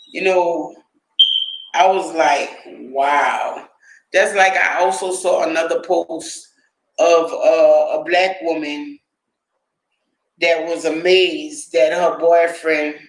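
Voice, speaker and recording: A man's voice: a little high, fairly bright tone, reverberant, slight background noise, low-quality recording. A man hosting a livestream, giving casual, profane commentary, often laughing and talking to his chat. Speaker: livestream host.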